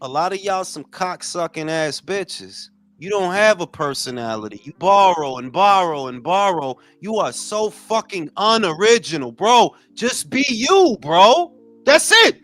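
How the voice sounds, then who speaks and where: Loud high-voiced man ranting about boxing. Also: no room sound. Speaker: podcast co-host. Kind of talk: casual boxing chat.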